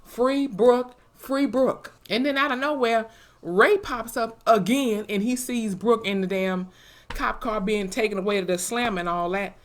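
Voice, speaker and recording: A young woman, recapping a TV episode in an animated, profane way and acting out the characters' lines. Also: medium pitch, moderate pace. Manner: animated, profane storytelling with acted-out quotes. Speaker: TV episode reviewer. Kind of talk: casual recap vlog.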